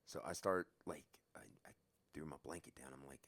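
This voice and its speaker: A man telling a story from his own life in a casual, profane, lively way. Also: a bass voice, brisk.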